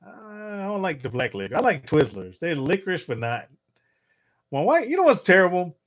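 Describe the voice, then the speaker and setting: Middle-aged male livestream host with a slightly high voice. Casual, crude, quick to laugh, reads chat aloud. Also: sing-song. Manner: loose and joking, crude humor, laughs often; reads viewer comments aloud and answers them.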